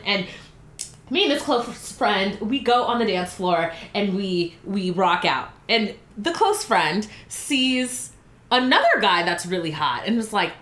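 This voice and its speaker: A woman telling a story in casual chat, animated and giggly, acting out the dialogue. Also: medium pitch, moderate pace, reverberant.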